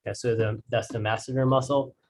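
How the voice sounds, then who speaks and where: A man's voice: mid-range voice, fairly even intonation, fairly quick, a little mellow. A man teaching drawing in a casual, rambling way, restarting sentences and using fillers. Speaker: art instructor.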